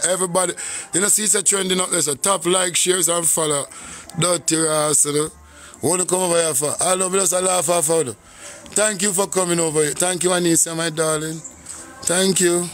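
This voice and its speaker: A Jamaican man talks casually into his phone on a live stream, shouting out viewers and breaking into hummed scat syllables. His voice sits fairly high for a man, with faint music playing behind him. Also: fairly even intonation, brisk. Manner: shouts out viewers, hums and scats between lines.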